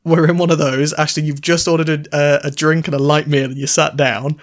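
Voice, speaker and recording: Young podcast host, joking around, setting up a roleplay scene, slightly high voice. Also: male voice, little pitch movement, a little fast. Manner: playful, sets up bits. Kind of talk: casual chat.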